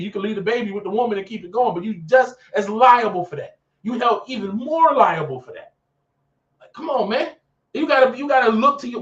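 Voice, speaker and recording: A man hosting a talk show, preaching casually and animatedly, repeating phrases for emphasis, recorded in an office. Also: high voice. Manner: animated, acts out characters in skits. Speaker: podcast host. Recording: echoey room, dull sound, mic at a distance.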